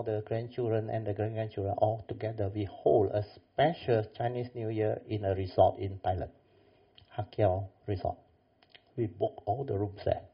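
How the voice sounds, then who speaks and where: Older guy teaching a buddhist class, husky voice, story full of quoted voices, dull lo-fi audio. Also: medium pitch. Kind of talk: storytelling dharma talk.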